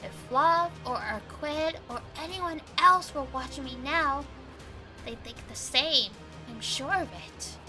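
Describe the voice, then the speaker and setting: A woman reading aloud the inner monologue of a grim young man fighting a vampire, in a quiet, measured voice. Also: high-pitched, faint music behind, heavily acted. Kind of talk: reading visual novel narration aloud.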